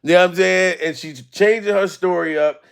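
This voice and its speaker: A man hosting a comedic commentary, ranting loudly and profanely with exasperation, often shouting. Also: high-pitched, steady tone, moderate pace, vocal fry, clear, resonant tone. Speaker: commentary host.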